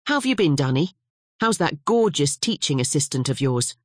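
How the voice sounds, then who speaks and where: Narrator doing a male lawyer, bantering and brisk, close to his own voice. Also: mid-range voice, sing-song, no echo.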